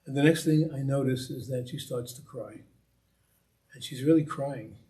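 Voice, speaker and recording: A man's voice: medium pitch, moderate pace, dark tone. Man telling a story to an audience. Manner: conversational, with restarts and repetitions. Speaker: guest speaker. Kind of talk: storytelling talk.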